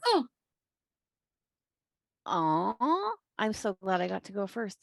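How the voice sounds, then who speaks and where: A woman's voice: medium pitch, big pitch swings, takes it slowly, gravelly, no echo. Gushing woman judge. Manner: gushing, effusive. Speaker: competition judge. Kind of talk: casual spoken feedback.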